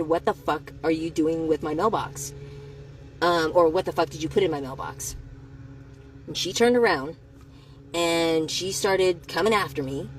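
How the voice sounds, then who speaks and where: A woman telling a personal story to the camera, in a candid and profane way, speaking slowly at first and then getting heated. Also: sits low, a little hiss or hum, poor audio. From United States.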